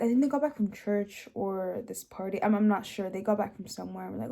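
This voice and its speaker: A young woman sharing a personal testimony, speaking emotionally with many restarts and fillers, dropping soft and rising louder. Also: brisk, creaky, hardly any pauses. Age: young adult. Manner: swings between soft low passages and louder rises. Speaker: host.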